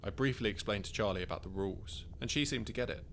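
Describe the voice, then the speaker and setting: A man's voice: low voice, quick pace, hardly any pauses, a bit bright, a little hiss or hum. A man narrating his own first-person short story in a wry, conversational way.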